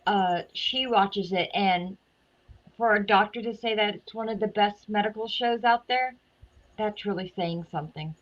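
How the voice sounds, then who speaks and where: A woman's voice: medium pitch, normal speed, highs cut off. A woman chatting casually as a guest, talking at length in a rambling way. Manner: rambling, talkative. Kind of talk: casual chat.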